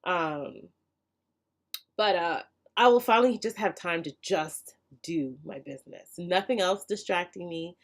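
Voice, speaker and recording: A woman's voice: fairly low pitch, a little slow. A young adult woman hosting a casual live stream chat, talking in a chatty, heartfelt way and laughing often. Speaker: hair care channel host.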